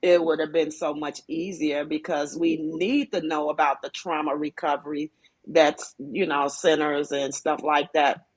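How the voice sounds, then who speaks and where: A woman guest telling her own story on a talk show, speaking hesitantly with many restarts and pauses. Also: deep voice, little pitch movement, slightly rough. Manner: hesitant, with frequent restarts and fillers. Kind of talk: personal testimony on a talk show.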